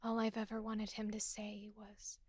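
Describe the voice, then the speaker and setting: A woman's voice: medium pitch, normal speed, no room sound, clean studio sound, natural voice. Woman whispering as a stoic young woman investigator. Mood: sad. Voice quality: flat calm whisper. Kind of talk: whispered role-play.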